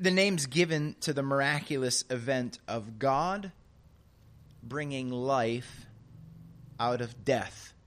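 Animated conversational preacher, man. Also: mid-range voice. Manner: animated, conversational preaching with frequent rhetorical "right?"; repeats key phrases for emphasis. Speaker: pastor. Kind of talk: expository sermon.

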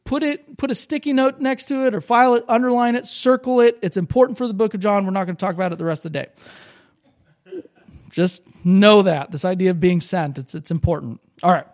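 A man's voice: high-pitched, brisk, a little mellow. A pastor preaching a sermon at a church service, explaining in a conversational way and repeating his points for emphasis.

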